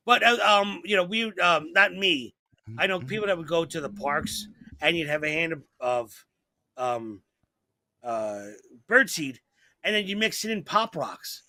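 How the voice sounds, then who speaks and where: Measured in pace and slightly high in pitch, a man co-hosting a podcast recounts stories energetically and performs different voices. It's casual, comedic chat, recorded with no echo.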